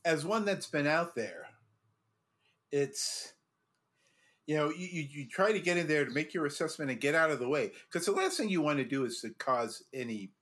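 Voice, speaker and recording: A man hosting a casual chat, telling animated stories full of restarts and laughter as a former judge. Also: fairly high pitch, normal speed. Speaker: podcast host and former drum corps judge.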